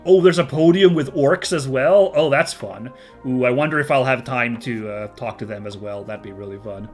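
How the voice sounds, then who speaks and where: A man's voice: medium pitch, normal speed, hardly any pauses, soft background music. A man casually commentating as he plays a game, chatty and laughing often. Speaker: gaming video host.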